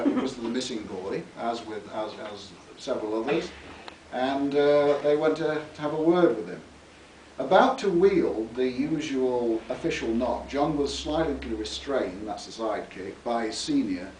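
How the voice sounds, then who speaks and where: A man's voice: mid-range voice, darkish tone, a little hiss or hum. A man, an author, reading from his book in a theatrical way and adding spoken asides at a library talk. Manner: theatrical, relishing words, chuckling at his own lines. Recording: echoey room, mic far off.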